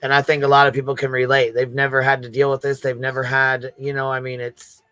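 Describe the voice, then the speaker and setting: Male stream host, forceful and emphatic, dry close mic, faint music underneath. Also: medium pitch, completely flat delivery, quick pace, clear, resonant tone, no room sound. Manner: emphatic, profane. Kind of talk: livestream panel chat.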